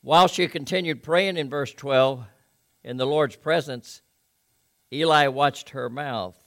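Gravelly-voiced man preaching a sermon. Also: mid-range voice, unhurried, fairly bright tone. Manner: conversational with asides to the congregation.

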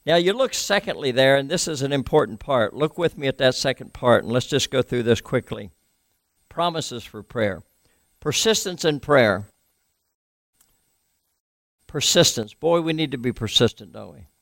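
A male pastor giving a sermon in a conversational way, asking his listeners questions and letting his voice drop low and soft at times. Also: expressive, normal speed, pauses often, dry recording, studio quality.

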